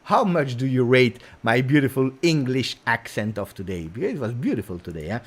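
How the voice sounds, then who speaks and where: Animated Italian-accented football streamer. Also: male voice, medium pitch, fairly quick, husky. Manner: animated, chatty, many fillers. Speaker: football channel host. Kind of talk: casual livestream chat.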